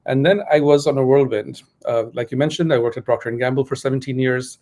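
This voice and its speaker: A man from Bahrain, a guest on a business talk show, talking in a quick, chatty way. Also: medium pitch, steady tone, darkish tone. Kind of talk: casual interview talk.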